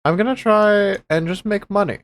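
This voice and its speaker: A man's voice: high voice, normal speed. A man playing a tabletop game, talking casually with laughs and swearing. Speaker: player.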